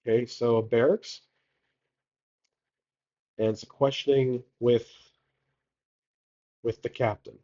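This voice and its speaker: Man narrating solo tabletop game, rambling casual delivery, mid pitch, slightly muffled. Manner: rambling, thinking aloud with many fillers.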